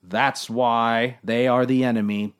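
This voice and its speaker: A man's voice: medium pitch, level tone, slow, smooth, pitched below the performer's own voice, lightly acted. A man voicing a solemn middle-aged male submarine captain with a grave, ponderous delivery.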